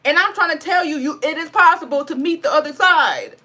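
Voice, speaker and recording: A woman speaks in a Black dialect, high-pitched and bright. She talks bluntly and swears freely in a spiritual vlog. Her voice sounds close to tears. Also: brisk. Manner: mocks others in high sarcastic voice. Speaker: spiritual vlogger. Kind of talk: impassioned casual monologue.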